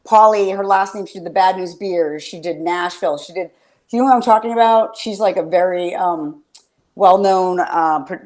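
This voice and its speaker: This podcast host has a lowish, slightly mellow voice and a moderate pace as she runs a relaxed fan chat. She wanders from point to point, swears with gusto, and often leaves sentences hanging.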